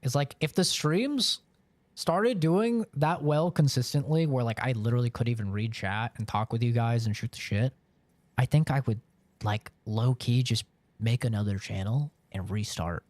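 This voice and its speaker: A man's voice: mid-range voice, normal speed, darkish tone, no room sound. A man live-streaming and chatting casually with viewers, rambling along with lots of filler words.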